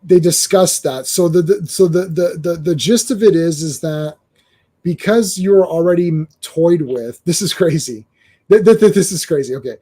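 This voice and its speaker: A man hosting a casual comic book discussion, animated, with stammering restarts and acted-out quotes. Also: on the high side, moderate pace, slightly rough. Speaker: comic book show host.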